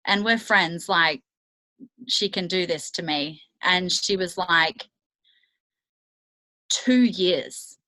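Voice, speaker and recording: Slow, bright-voiced woman coaching candidly. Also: fairly low pitch, steady tone, rough recording. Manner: candid, chatty, full of fillers. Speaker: network marketing coach. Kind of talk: motivational team training call.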